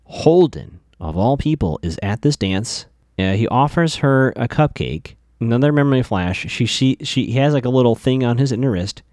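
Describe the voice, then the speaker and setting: A man's voice: medium pitch, animated, moderate pace, darkish tone, dry recording, studio quality. A man casually recapping a TV episode, chatty, with lots of fillers, stammered restarts and asides to his listeners.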